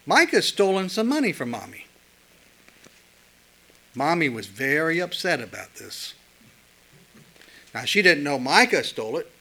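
Bright-voiced conversational male preacher. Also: a little high, sing-song, measured pace, creaky, pauses often, low-quality recording. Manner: conversational, storytelling, with many fillers. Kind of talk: sermon.

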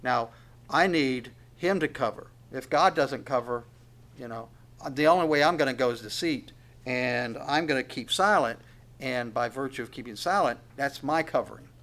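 A man preaching a sermon in a plain, conversational voice of ordinary pitch. He puts questions to the congregation and sometimes sinks to a near whisper. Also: moderate pace, a bit bright. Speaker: pastor.

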